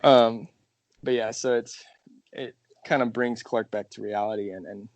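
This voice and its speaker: Male podcast co-host, low and gravelly, dry close sound, easygoing recaps. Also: measured pace, no echo. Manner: recaps scenes, relaxed, laughs. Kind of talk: casual film review chat.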